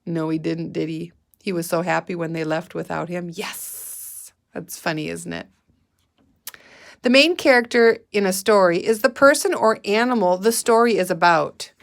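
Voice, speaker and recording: A woman teacher leading a guided reading lesson for young children, patient and deliberate, prompting the class to say and spell words. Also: fairly low pitch, gravelly.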